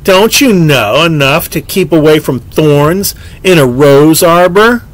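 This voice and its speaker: A man voicing a mysterious, sly boy who speaks smoothly and mockingly. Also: huge pitch swings, slow pace, a bit bright, dry recording, heavily acted. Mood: silky mocking. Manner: silky, mocking, sometimes shrill.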